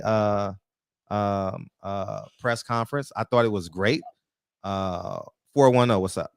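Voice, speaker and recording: A man's voice: fairly low pitch, moderate pace, no echo, studio quality, soft background music. A man hosting a live call-in show, talking brash, profane and amped up in casual chat.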